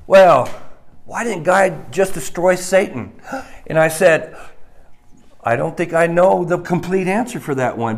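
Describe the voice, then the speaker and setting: Male pastor mid-sermon, measured and unhurried, emphatic with dramatic drops to a hush. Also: vocal fry. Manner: emphatic, swings between loud stresses and hushed low lines.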